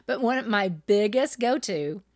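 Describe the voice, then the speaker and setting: A middle-aged woman co-hosting a podcast, telling personal stories candidly, animated and self-deprecating, often laughing at herself. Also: mid-range voice, measured pace, dry recording, studio quality. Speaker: podcast co-host. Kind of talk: candid conversational storytelling.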